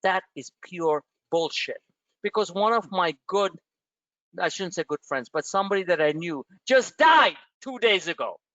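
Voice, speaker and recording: A man's voice: high-pitched, expressive, moderate pace, a bit bright, no echo, highs cut off. A man hosting a stock trading webinar, talking bluntly and emphatically, swearing and repeating himself for effect. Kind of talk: live trading webinar rant.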